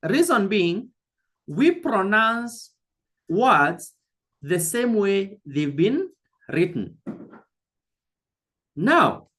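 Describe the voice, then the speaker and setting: A woman teaching an online language lesson, speaking slowly and deliberately, repeating key words and addressing the learner directly. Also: mid-range voice, fairly bright tone.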